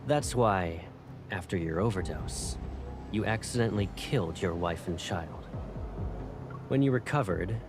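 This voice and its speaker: A calm, cold young colonel. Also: male voice, low voice, a little slow, pauses often, over music. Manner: calm, clipped orders. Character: cool, commanding young male colonel. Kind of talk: game voice acting.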